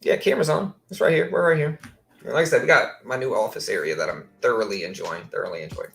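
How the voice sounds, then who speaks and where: A man's voice: medium pitch, fast, vocal fry, fairly bright tone, a little hiss or hum. A man in his thirties from Louisiana with a faint Louisiana accent, hosting a trading livestream and chatting in a rambling, laid-back way. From Baton Rouge, Louisiana. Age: 30s. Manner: rambling, laid-back, says "bro" and "you know". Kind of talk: casual livestream chat. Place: home office.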